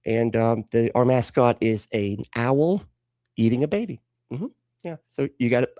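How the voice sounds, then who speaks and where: A man's voice: medium pitch, normal speed, dark tone, no room sound. A man hosting a live reaction stream, talking back at video clips with sarcastic, profane asides. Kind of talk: casual live-stream commentary.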